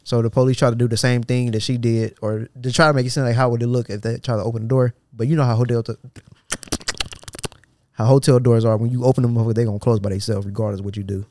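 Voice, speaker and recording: A male podcast host with a medium-pitched, slightly mellow voice reads a social media thread aloud, talking fast with little pitch movement. His delivery is loose and slangy, full of restarts, and he keeps breaking off to mock the poster with sarcastic disbelief. The sound is clean studio audio with no echo.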